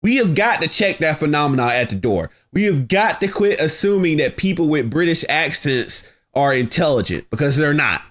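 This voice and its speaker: Man, high-pitched voice, heated livestream rant, mocking, slangy, combative. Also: lively intonation, moderate pace, few pauses, a bit bright. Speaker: livestream host.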